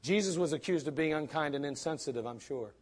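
A man's voice: fairly high pitch, quick pace, breathy edge. A man preaching a sermon in a blunt, emphatic way, full of rhetorical questions.

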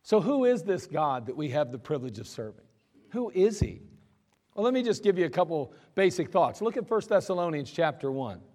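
A man's voice: a little high, sing-song, fairly quick, warm tone. A man preaching a sermon in a casual, storytelling way, often putting questions to his congregation. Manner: conversational, asks the congregation questions. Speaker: pastor. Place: church sanctuary.

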